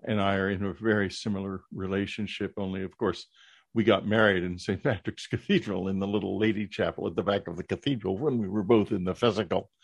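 An older man hosting an interview podcast, speaking in a measured, earnest way. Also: low voice, fairly even intonation, creaky, breathy edge, no room sound. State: hiccups. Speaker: podcast host.

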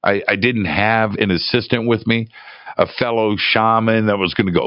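A man telling a personal story in a casual, halting way, often repeating words and restarting. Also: fairly low pitch, dry recording, dull audio. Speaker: guest telling a travel story.

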